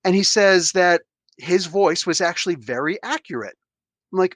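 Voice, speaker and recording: A podcast host talking in a casual chat, a man whose voice sits a little high for a man. He gets worked up and rambles, with many restarts. The recording is close and dry, with no room sound. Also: moderate pace, fairly bright tone, no room sound.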